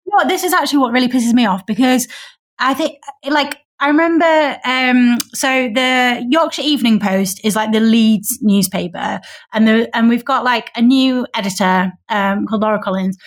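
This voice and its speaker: A woman journalist guesting on a podcast, telling an anecdote fast, irritated and swearing. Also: fairly high pitch. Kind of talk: casual chat.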